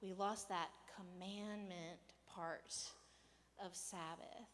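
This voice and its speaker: A woman pastor giving a casual, conversational sermon, animated and playful, sometimes raising her voice to act out a rant. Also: lowish voice, slow pace, in a large hall, a little hiss or hum. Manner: conversational, animated, acts out rants with raised voice. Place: church hall.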